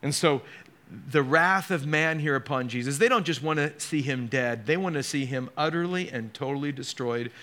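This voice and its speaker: A middle-aged male pastor preaching with a slightly high voice. He acts out the scenes and lets slow, dramatic pauses hang. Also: sharp tone. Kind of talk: sermon.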